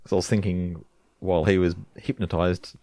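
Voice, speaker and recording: Low-voiced man co-hosting a podcast. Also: flat delivery, moderate pace, warm tone, no room sound, clean studio sound. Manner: chimes in with short agreements and side comments. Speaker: podcast co-host. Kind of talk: casual chat.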